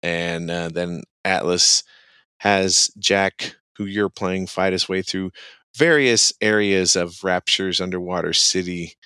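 Low smooth-voiced guy rambling through a game plot recap, lots of likes and ums, dry close sound. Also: fairly even intonation, takes it slowly, sharp tone, dry recording. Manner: rambling, heavy on "like" and "um". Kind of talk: casual chat recapping a game's plot.

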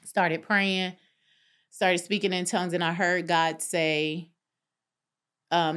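A woman's voice: lowish voice, level tone, slow pace, pauses often, a bit bright, clean tone. A middle-aged woman from North Carolina, earnestly sharing a personal testimony as a podcast guest. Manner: earnest, emphatic, faith-driven storytelling. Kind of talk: candid testimony in conversation.

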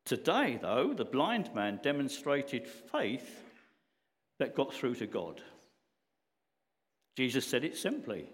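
A man's voice: mid-range voice, big-room sound. A man preaching a sermon in a church, earnest and conversational, leaning on his questions to stress them.

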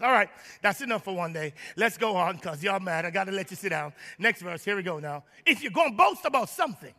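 High, bright-voiced preaching man. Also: lively intonation, brisk, few pauses, in a large hall. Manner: preaching to a congregation with humor, rising to shouts. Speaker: pastor. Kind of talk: sermon. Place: large church.

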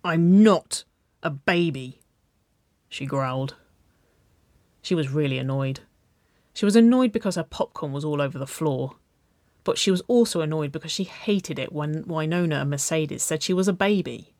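A woman narrating a children's-style story, reading aloud with a gentle, even delivery. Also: low voice, a little fast, no room sound, studio quality.

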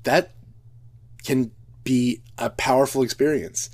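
A man's voice: medium pitch, fairly even intonation, slow, a little mellow, husky. Earnest man giving a reflective talk. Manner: earnest and reflective, with frequent restarts. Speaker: speaker. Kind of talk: personal talk to an audience.

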